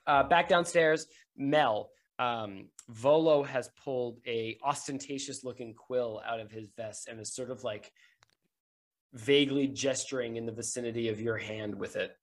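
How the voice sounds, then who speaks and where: A game master narrating a tabletop game on a podcast, casual and halting with many fillers. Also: mid-range voice. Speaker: dungeon master.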